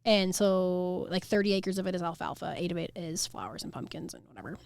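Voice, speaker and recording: A woman's voice: lowish voice, fairly quick, a little mellow, smooth, dry recording, studio quality. A young woman who owns a flower farm, talking in a casual, chatty podcast interview and saying "like" a lot. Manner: chatty, heavy use of "like".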